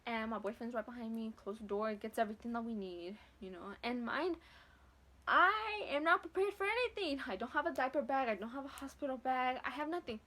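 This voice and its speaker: Animated young woman telling a story. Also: fairly high pitch, fast talker, hardly any pauses. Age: young adult. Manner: animated, acts out voices, swears freely, mixes Spanish. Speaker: vlogger. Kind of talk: casual storytelling.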